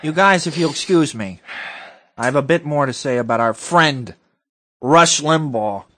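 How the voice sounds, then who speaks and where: A man hosting a comedy talk-radio show, ranting blusterily and building to shouted outbursts. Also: a little high, measured pace.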